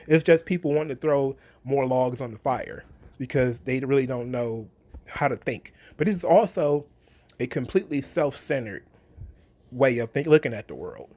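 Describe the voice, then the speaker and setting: A man's voice: medium pitch, normal speed, a little mellow. A man in a casual opinion rant about wrestling, blunt, sarcastic and profane. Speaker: wrestling commentary vlogger.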